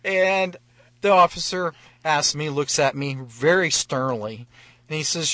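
A man's voice: fairly high pitch, a little slow, bright, forceful tone, dry recording. A man sits in a radio studio telling a travel story to the host. His voice is close and dry. He drops his voice for his own replies and lifts it for the officers he quotes, chuckling as he goes. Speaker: guest storyteller.

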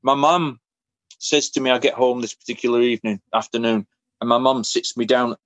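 A man's voice: mid-range voice, fairly even intonation, brisk, a bit bright, dry recording. A man telling a personal story in a casual interview, acting out other people's lines in different voices. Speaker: interview guest.

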